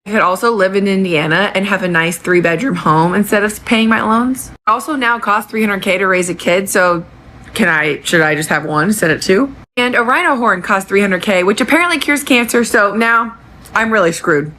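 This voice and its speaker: A woman talking to camera in a wry, deadpan way, listing things one by one. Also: mid-range voice, normal speed, slight background noise. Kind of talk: casual social media monologue.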